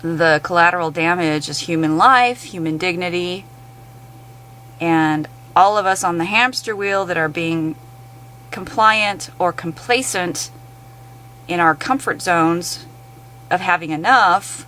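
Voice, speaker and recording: A woman's voice: fairly low pitch, a little slow, bright, forceful tone, a little hiss or hum, low-quality recording. A woman in an angry, blunt, profane rant to camera. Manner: blunt, heavily profane, exasperated.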